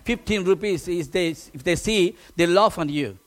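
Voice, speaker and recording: Casting man, pastor, very high voice, emotional testimony storyteller with halting restarts.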